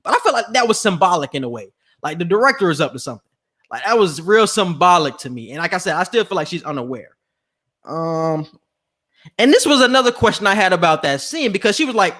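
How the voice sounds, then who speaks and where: A man co-hosting a podcast, talking in a slangy, animated way and acting out quotes in casual chat. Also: sits high, fast talker. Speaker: podcast co-host.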